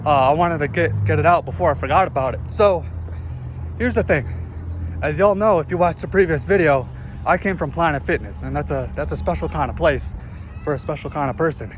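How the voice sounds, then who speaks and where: Recorded through his earbud mic with slight background noise, a northern US man vlogs to camera in a fairly high, fairly quick voice. Still breathless from a workout, he rambles profanely and cuts himself off mid-thought.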